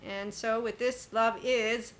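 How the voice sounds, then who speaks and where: A woman's voice: fairly high pitch, steady tone, slow pace, a bit bright. A woman hosting a spiritual self-help podcast, talking in an emphatic, chatty monologue. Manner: emphatic, chatty, quoting others with sudden laughs. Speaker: podcast host.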